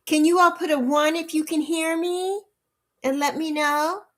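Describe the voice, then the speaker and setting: A woman's voice: sits high, fairly even intonation, unhurried, heavy background noise. A woman in her sixties hosting a casual livestream, flustered and pleading for help while greeting viewers by name. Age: 60s. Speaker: livestream host. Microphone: laptop mic.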